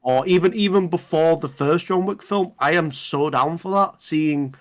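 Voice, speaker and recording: A man's voice: on the high side, moderate pace. A man co-hosting a movie news podcast, talking casually with many hesitations and restarts, often agreeing. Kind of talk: casual chat.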